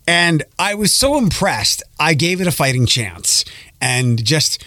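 A man's voice: a little high, very animated, unhurried, pushed and bright, no room sound, studio quality. A man hosting a podcast, telling rambling stories and restarting often in casual chat. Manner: rambling, self-interrupting storyteller. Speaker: podcast host.

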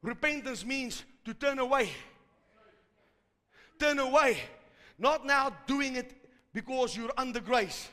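A man preaching a fervent sermon to a live congregation, rising to shouts at its peaks. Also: very high voice, measured pace. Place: large church hall. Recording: hall reverb from a live service.

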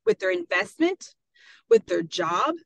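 A middle-aged woman talking frankly in a casual podcast chat, animated and full of "like" as she tells stories. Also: mid-range voice, measured pace, no echo. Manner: frank, animated storytelling with lots of "like". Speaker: podcast guest. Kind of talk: casual conversation.

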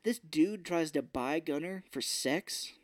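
A man's voice: on the high side, takes it slowly, dry recording, clean studio sound. A man co-hosting a podcast, casually recapping a movie scene by scene and quoting the characters in put-on voices. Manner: animated retelling with quoted voices and laughs. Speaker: podcast co-host.

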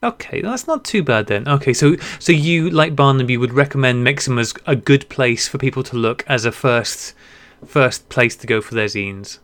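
A man's voice: medium pitch, lively intonation, normal speed, a bit bright. A man hosting a casual podcast, reading listener emails aloud and often laughing at his own mispronunciations. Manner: giggly, laughs through mispronunciations. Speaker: podcast host.

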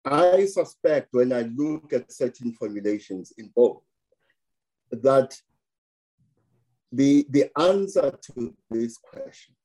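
A man making a measured, emphatic argument in an interview, building points through repetition. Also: mid-range voice, animated, mellow, rough recording.

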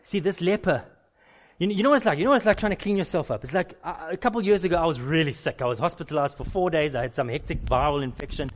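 A man preaching a sermon, urging loudly one moment and dropping to a hush the next, with lots of repetition. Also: on the high side, fast talker. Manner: impassioned, repetitive, swings between loud urging and hushed softness. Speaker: pastor.

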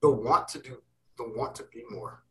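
A man's voice: mid-range voice, animated, normal speed, a little mellow, far from the mic, rough recording. A young man speaking as an interview guest, intense and emphatic, swearing freely. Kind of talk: casual interview talk.

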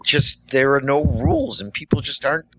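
A man's voice: on the high side, normal speed, gravelly, highs cut off. A middle-aged man telling a work story in casual chat, rambling with lots of "like" and restarts. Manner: rambling, full of "like" and restarts, animated. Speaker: podcast co-host and coffee shop worker.

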